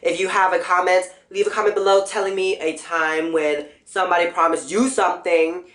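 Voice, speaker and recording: A young woman talks straight to the camera in a blunt, profane vlog rant, keeping it animated and casual. Her voice sits on the low side for a woman. The room adds a noticeable echo around her. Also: a little fast. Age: young adult. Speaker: vlogger. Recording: roomy echo.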